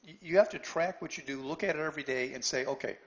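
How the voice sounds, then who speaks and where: Blunt trading teacher, slightly high voice. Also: male voice, quick pace, a bit bright. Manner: blunt, repeats "right?" often, stammers on restarts; talks straight to students by name, pushy and challenging. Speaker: trading instructor. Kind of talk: live webinar lesson.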